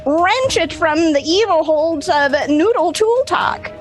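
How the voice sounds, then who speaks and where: A woman playing a brisk old-timey news announcer, reading a game recap in a mock-formal newsreader style with dry asides. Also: very high voice, expressive, faint music behind, exaggerated voice. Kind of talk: comic recap in character.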